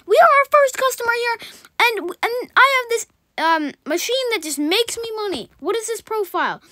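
Woman, gameplay host; fast, rambling, excitable, dry close sound. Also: very high voice, no echo. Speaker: gaming channel host. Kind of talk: gameplay commentary.

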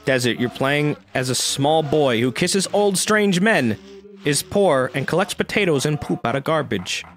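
A lively game streamer whose pitch swings widely as they joke and react. They read dialogue aloud and curse casually. Faint game music plays behind the voice. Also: a little slow. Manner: lively, joking, reads game dialogue aloud, swears freely. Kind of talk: casual let's-play commentary.

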